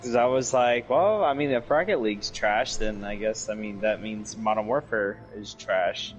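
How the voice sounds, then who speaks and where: A man's voice: fairly low pitch, moderate pace, muffled recording, faint music behind. A man chatting casually with a friend on a gaming stream, telling rambling stories and swearing often over a headset. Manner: profane, rambling storyteller. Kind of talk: casual chat.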